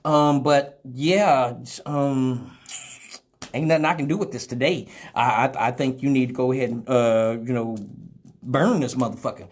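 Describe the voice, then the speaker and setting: Animated, profane male storyteller. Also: a little slow. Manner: animated, profane, swings from loud exclamations to low mutters. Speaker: radio show host. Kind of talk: casual storytelling to a live audience.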